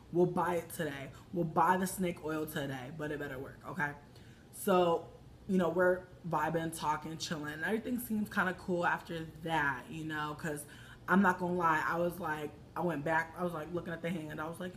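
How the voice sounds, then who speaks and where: A young woman telling a casual story to the camera, brash and profane, swinging between hushed asides and loud outbursts. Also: low-pitched, normal speed, a little hiss or hum.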